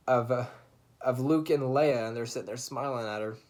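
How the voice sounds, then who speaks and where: A young man speaks casually into his camera, an earnest fan retelling a film. His voice sits at a middle pitch, and he restarts his sentences and laughs now and then as he talks. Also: fairly even intonation, moderate pace. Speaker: vlogger. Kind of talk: casual vlog monologue.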